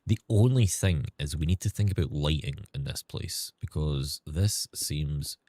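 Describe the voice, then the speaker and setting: Scottish guy streaming games, deep voice, chatty, swears a bit. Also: measured pace, warm tone, no room sound. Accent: Scottish, toned down. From Scotland. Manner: chatty, thanks viewers, swears casually. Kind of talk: casual livestream chat while gaming.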